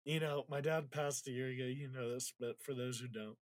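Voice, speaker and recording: Guy telling a personal story on a podcast, cusses a lot, gets emotional, middle-pitched voice, acts out what people said. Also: fairly even intonation, a little fast, no echo. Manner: candid, swears freely, acts out quotes; reflective, gets emotional while recounting. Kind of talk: casual storytelling conversation.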